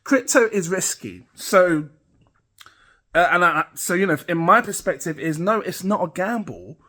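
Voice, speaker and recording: Brief: British man, middle-aged, higher-pitched, loose and rambling host to camera. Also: lively intonation, unhurried, pushed and bright. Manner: rambling, chatty, laughs at himself. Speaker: crypto channel host. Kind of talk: casual talk to camera.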